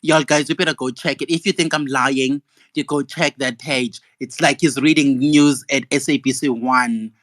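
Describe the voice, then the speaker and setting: A man's voice: mid-range voice, steady tone, moderate pace, fairly bright tone, no room sound. A young man, ranting indignantly and profanely in a gossip vlog. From South Africa. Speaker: gossip vlogger. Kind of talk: angry ranting monologue.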